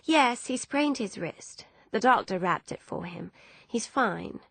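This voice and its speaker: A woman voicing a gentle, apologetic young director. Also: medium pitch, lively intonation, slow, vocal fry, dry recording, voice pushed up, exaggerated voice. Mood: tender. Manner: earnest, softly confiding.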